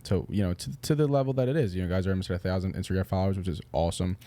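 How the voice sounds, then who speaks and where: Deep, mellow-voiced podcast host. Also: male voice, rapid-fire. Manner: encouraging, rambling questions with restarts. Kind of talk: casual interview chat.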